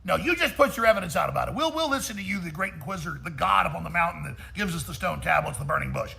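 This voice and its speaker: Brief: man, high and gravelly, mocking talk-show rant full of repeats. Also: animated, very fast, sharp tone. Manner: mocks in put-on voices, repeats himself. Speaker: radio show host. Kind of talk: ranting talk-show commentary.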